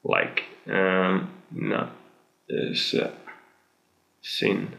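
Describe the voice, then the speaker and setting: A young Dutch man with a Dutch accent, chatting casually through a language tutorial with many pauses. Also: sits low, steady tone, gravelly, pushed and bright, echoey room, low-quality recording. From Netherlands. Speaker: video host.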